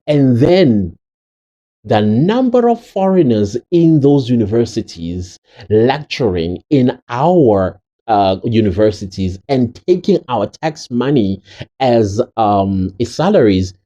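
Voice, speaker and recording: A man delivers fired-up commentary, his voice leaping up and down in pitch as he hammers home each point. His tone is dark and mellow, and the recording sounds slightly dull and lo-fi. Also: lively intonation, slow pace. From South Africa. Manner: indignant, emphatic, swings pitch sharply when stressing words. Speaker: commentary vlogger. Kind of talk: angry opinion commentary.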